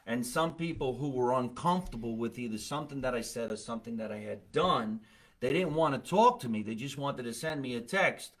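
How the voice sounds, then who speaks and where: A man's voice: mid-range voice, a little fast, fairly bright tone. A man hosting a comedy podcast, talking in a blunt, profane, rambling way in casual chat. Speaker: podcast host.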